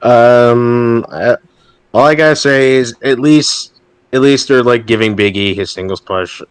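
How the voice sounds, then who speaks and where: A man's voice: mid-range voice, a little slow, clear, resonant tone, no room sound, poor audio. A man hosting a podcast, talking casually and hesitantly with plenty of fillers. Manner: laid-back, hesitant, many fillers. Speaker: podcast host. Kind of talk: casual chat.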